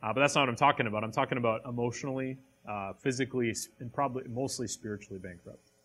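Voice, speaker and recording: A man's voice: medium pitch, rapid-fire, fairly bright tone. A man reading a passage aloud and then preaching on it, with direct questions to a live audience. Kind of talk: sermon.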